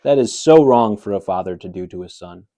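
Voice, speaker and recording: A man playing a deadpan, sardonic late-night host. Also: fairly low pitch, fairly quick, lightly acted. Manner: deadpan, sarcastic interjections. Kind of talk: improvised sketch comedy banter.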